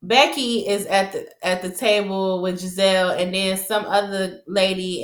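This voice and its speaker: A woman's voice: medium pitch, normal speed, few pauses. Chatty woman recapping in an echoey room. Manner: chatty and rambling, laughs often, animated quoting. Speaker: TV episode recap vlogger. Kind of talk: casual episode recap.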